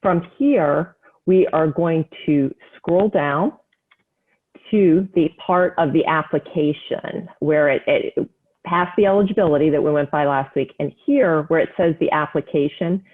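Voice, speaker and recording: A woman hosts a webinar and walks listeners through steps in a clear, measured way. She spells out web addresses slowly and carefully. Her voice comes through a thin, phone-like line. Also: sits low. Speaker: webinar host, county economic development staff. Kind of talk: scripted webinar presentation.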